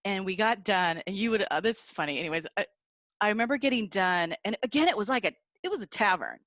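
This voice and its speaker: A middle-aged woman from the Seattle area, a guest musician, telling stories in a chatty, animated way and laughing often. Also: mid-range voice, fast, no room sound. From Seattle area, USA. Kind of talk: casual interview storytelling.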